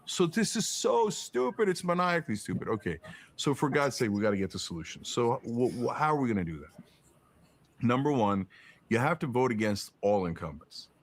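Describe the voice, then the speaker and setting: A man's voice: medium pitch, sing-song, fairly quick. Emphatic, profane man ranting politics. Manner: emphatic, profane, rhetorical questions, mocking put-on quotes. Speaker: podcast guest. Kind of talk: political commentary in conversation.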